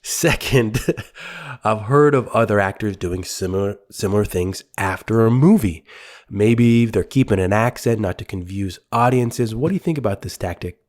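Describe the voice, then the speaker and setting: A man's voice: lowish voice, moderate pace, darkish tone. A young man co-hosting a casual movie podcast, rambling with many fillers and restarts. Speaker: podcast co-host. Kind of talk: casual chat.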